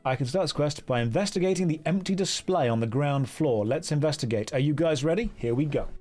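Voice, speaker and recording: A man streaming a game and commenting casually, with wry, rambling and quick talk full of jokey asides. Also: on the high side, expressive, darkish tone, soft background music.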